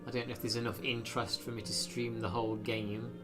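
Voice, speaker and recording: A man's voice: medium pitch, little pitch movement, fast, music in the background. A man chatting casually while live streaming a video game, rambling with lots of fillers. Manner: rambling, self-deprecating, frequent fillers.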